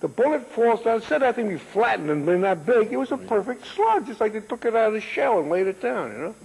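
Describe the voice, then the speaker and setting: A man's voice: high voice, big pitch swings, fast, gravelly, a little mellow, breathy edge. A man in his eighties, a guest in a casual interview, telling rambling stories and joking and laughing often. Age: 80s. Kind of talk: casual chat. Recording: long echoing reverb.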